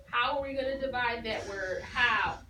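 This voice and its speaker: A woman's voice: on the high side, normal speed, background noise. A woman teacher leading a phonics lesson, patiently asking questions and repeating the pupils' answers. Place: classroom. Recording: echoey classroom from far off.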